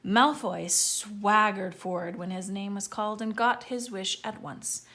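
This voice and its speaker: A woman's voice: medium pitch, a little slow. A woman reading a children's story aloud, calling out names with gusto. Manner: lively, calling out names loudly. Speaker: audiobook reader.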